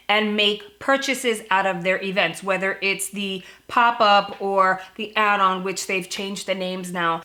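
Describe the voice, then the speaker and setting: A young adult woman talking casually to camera about beauty subscription boxes, chatty with quick asides. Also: on the high side, sharp tone. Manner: chatty, fast asides with frequent "like" and laughs. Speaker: beauty subscription box vlogger.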